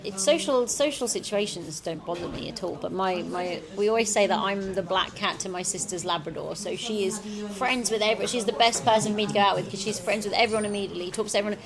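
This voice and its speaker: A woman guest, a folklorist, chatting reflectively about her family and home life in a relaxed interview. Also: medium pitch, quick pace, hardly any pauses. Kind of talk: casual chat. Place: outdoor festival. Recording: festival crowd chatter behind.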